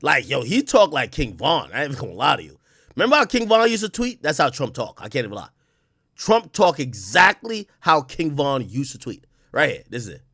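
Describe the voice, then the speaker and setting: A man's voice: a little high, big pitch swings, a little fast, fairly bright tone, husky, no echo, clean studio sound. A man in his thirties giving blunt, profane commentary as he reacts to news clips, laughing often.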